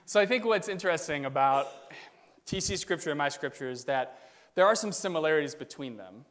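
A man's voice: on the high side, animated, brisk, fairly bright tone. Conversational male pastor, church reverb. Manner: conversational, addresses the congregation directly. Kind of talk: sermon. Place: church sanctuary. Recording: long church hall reverb.

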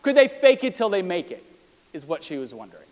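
A man with a high voice gives an explanatory talk with slides, again and again putting rhetorical questions to his listeners. His voice rings out with a long reverb, as if he were recorded in a large hall. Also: big pitch swings, quick pace. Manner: asks the audience many rhetorical questions. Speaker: presenter.

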